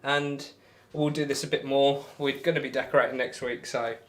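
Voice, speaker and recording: A laid-back man with a broad Northamptonshire accent, chatting loosely to his stream viewers. His voice sits at an ordinary middle pitch. A steady hiss of noise runs under the home recording. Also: moderate pace. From England. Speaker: darts streamer. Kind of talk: casual live-stream chat.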